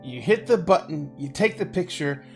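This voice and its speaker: A woman's voice: low-pitched, animated, moderate pace, faint music behind. A woman running a tabletop role-playing game as game master, narrating with frequent laughter. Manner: laughs often while narrating.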